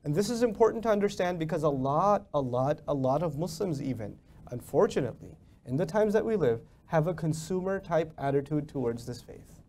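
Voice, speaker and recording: Animated high-voiced male lecturer. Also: a little fast, a little hiss or hum. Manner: animated, rhetorical questions, acts out mock dialogues. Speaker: lecturer on the Quran. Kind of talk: Islamic lecture.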